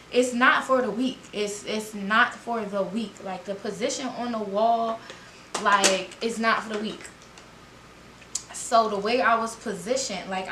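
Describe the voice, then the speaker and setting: A woman's voice: on the high side, fairly bright tone. A young woman telling a storytime vlog, dramatic and profane, speaking straight to her viewers. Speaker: vlogger. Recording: roomy echo, faint ambient noise.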